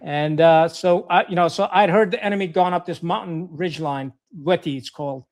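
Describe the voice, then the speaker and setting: A man's voice: a little high, moderate pace, a little mellow. A middle-aged man from Pakistan, a retired Marine officer, telling war stories as a podcast guest in a blunt, profane way, full of fillers and restarts. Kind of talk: war storytelling in casual conversation.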